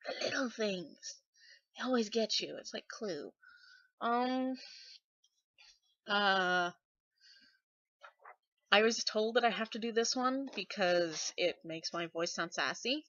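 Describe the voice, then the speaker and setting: A woman's voice: medium pitch, lively intonation, takes it slowly, pauses often, fairly bright tone, no echo. Scottish woman rambling into a webcam. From Scotland. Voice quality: voice others mistake for a man's. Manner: chatty, self-deprecating, sarcastic asides. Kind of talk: casual webcam vlog, rambling. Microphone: webcam mic. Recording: dull dry webcam audio.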